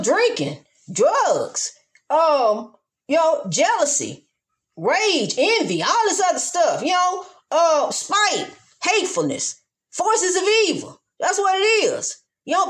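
High-pitched woman preaching, fervent and repetitive, church cadence. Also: a bit bright. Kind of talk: preaching monologue.

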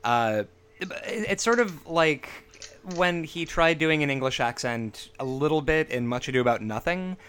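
A man co-hosting a casual podcast about old horror movies, enthusiastic and full of quick asides. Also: on the high side, lively intonation, fairly bright tone, a little hiss or hum. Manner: enthusiastic, riffs with quick asides and silly quoted voices. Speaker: podcast co-host.

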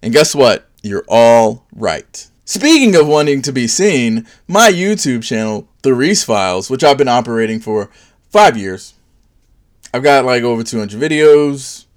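Animated sarcastic man doing comedy. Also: measured pace. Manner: sarcastic, swings into high mocking put-on voices for bits. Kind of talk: stand-up style comedic monologue.

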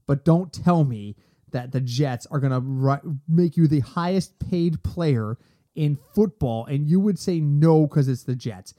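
A man hosting a sports podcast in casual chat, animated and ranting in quick bursts. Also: a little high. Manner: animated, talks fast in bursts and rants.

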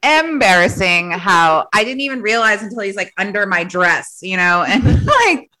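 A woman's voice: medium pitch, sing-song, moderate pace, pushed and bright, low-quality recording. A middle-aged woman chatting casually as a podcast guest, rambling and self-deprecating, with lots of fillers. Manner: rambling, self-deprecating, filler-heavy storytelling with frequent laughs. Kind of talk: casual chat.

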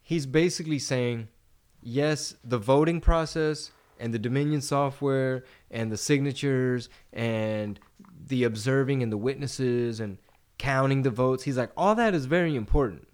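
A man's voice: mid-range voice, measured pace, clean tone. Profane, rambling male podcast host. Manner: rambling, profane, animated storytelling. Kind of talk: casual podcast chat.

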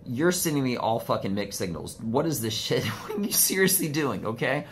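A man's voice: moderate pace, slight background noise. A man vlogging from a room in his home on his phone, rambling in casual talk with lots of swearing and sudden jumps in his voice. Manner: profane, rambling, animated swings in pitch. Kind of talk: casual ranting monologue. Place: home studio room, indoors. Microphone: phone camera.

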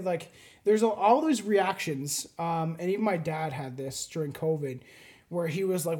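Canadian man, high-pitched, rambling and animated, casual podcast chat. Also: moderate pace.

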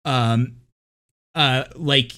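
A man's voice: mid-range voice, steady tone, extremely slow, bright, forceful tone, clear, resonant tone. Rambling man recapping a film. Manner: rambling, lots of likes and uhs. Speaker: podcast co-host. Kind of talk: casual film recap chat.

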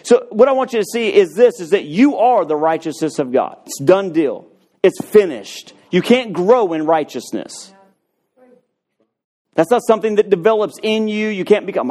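A man preaching a sermon, animated and telling stories, acting out the voices of people in them. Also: high voice, normal speed. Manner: animated, acts out voices in anecdotes. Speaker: pastor. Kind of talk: sermon with storytelling.

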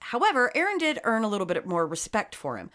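A woman's voice: fairly high pitch, huge pitch swings, quick pace, fairly bright tone. A woman co-hosting a podcast, narrating a story and joking in casual chat, swearing freely. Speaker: podcast co-host.

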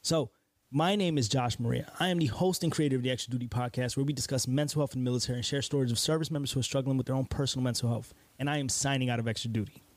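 A man's voice: mid-range voice, fairly even intonation, rapid-fire, no room sound. Earnest man hosting a podcast. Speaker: podcast host. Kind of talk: casual podcast chat.

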